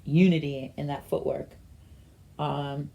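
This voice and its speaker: A woman giving a casual, meandering rune and tarot reading, talking slowly with many fillers. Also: deep voice, fairly even intonation, vocal fry, mellow.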